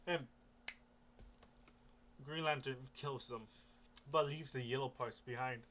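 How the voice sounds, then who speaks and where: A man's voice: mid-range voice, steady tone, slow, fairly bright tone, slight background noise. A young man rambling casually about comics, hesitant, restarting often and swearing offhandedly. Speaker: comic book vlogger.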